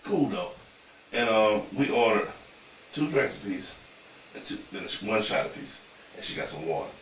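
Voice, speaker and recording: A man telling stories in an easygoing, teasing way, his voice lively and fairly high. He sounds set back from the mic in a reverberant room with some faint background hiss. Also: normal speed. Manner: joking, blunt, laughs through stories. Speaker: podcast co-host. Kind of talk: casual chat. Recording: echoey room, mic at a distance, faint noise.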